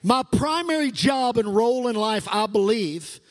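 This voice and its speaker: High-voiced man preaching in a hall. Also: lively intonation, measured pace. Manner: fervent call-and-response preaching. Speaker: pastor. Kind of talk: sermon. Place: church sanctuary. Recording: long reverb of a large hall.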